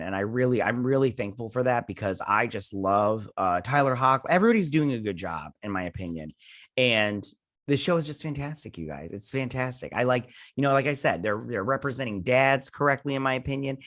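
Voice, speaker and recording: A young man hosting a review channel, retelling a TV episode in an excited, rambling way full of "he's like". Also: mid-range voice, a little fast, dry recording, studio quality. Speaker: host and TV reviewer. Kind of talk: casual episode recap.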